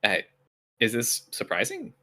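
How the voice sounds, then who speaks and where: A woman's voice: rumbling low, huge pitch swings, measured pace, bright, forceful tone. A young woman streaming a game, chatting in a dry, self-mocking way and laughing often. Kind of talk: casual chat while playing a game.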